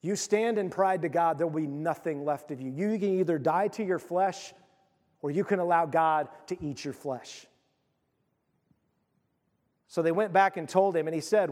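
High-voiced preacher in an echoey hall. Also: male voice, normal speed, pauses often, darkish tone. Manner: conversational, emphatic preaching. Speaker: pastor. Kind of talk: sermon.

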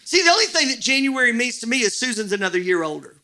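Lively high-voiced preacher man. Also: fast. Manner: animated, jokey preaching with bursts of shouting. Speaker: pastor. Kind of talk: sermon. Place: church.

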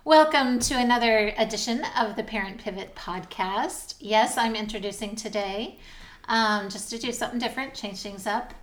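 A woman's voice: a little high, normal speed. A middle-aged woman co-hosting a podcast, a little unsure as she introduces the show, giggling in casual chat. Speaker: podcast co-host.

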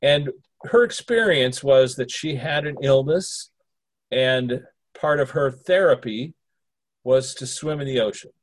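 A man's voice: mid-range voice, unhurried, dry recording. A man co-hosting a podcast in casual chat, playful and joking, often laughing. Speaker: podcast co-host.

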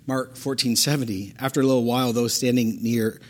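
Husky, emphatic male preacher. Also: medium pitch, fairly even intonation, brisk. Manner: emphatic, repeats phrases for stress. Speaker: pastor. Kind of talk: sermon.

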